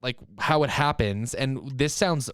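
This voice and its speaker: A man co-hosting a fantasy book podcast, chatting excitably and filling his talk with "like". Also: mid-range voice, a little slow, clean tone, dry recording, studio quality. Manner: animated, excitable, frequent "like" fillers. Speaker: podcast co-host. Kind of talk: casual book discussion.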